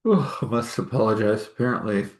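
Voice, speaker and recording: A man's voice: on the low side, lively intonation, fairly quick. A man hosting a live meditation talk and storytelling session, speaking in a rambling, chatty way. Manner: rambling and chatty, with laughs and apologies for yawning. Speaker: spiritual healer and host.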